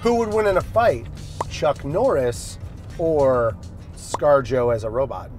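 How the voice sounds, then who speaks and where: A man asking the players quick, upbeat questions about the game they played. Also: mid-range voice, lively intonation, a little mellow, faint music behind. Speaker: off-camera interviewer. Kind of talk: casual wrap-up questions.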